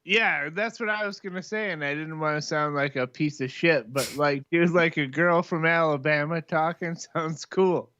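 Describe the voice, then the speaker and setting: A man's voice: fairly high pitch, steady tone, normal speed, hardly any pauses, pushed and bright, clean tone, dry recording. A man from Michigan co-hosting a podcast in laid-back casual chat, laughing along and swearing. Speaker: podcast co-host. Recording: dull lo-fi sound.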